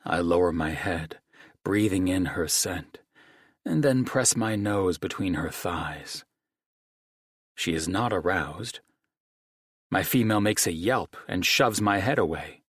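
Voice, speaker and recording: Brooding possessive male dragon, read by a man; husky, animated delivery, dry booth sound. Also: low voice, dry recording, heavily acted. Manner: grave, measured, formal phrasing. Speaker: audiobook narrator. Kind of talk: first-person audiobook narration.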